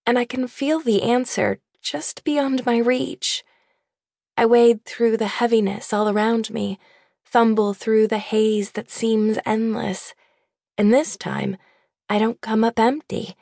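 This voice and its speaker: Slow, gravelly-voiced woman narrating softly. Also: mid-range voice, dry recording, clean studio sound. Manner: soft, measured, intimate. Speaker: audiobook narrator. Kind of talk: scripted first-person novel narration. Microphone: close studio mic.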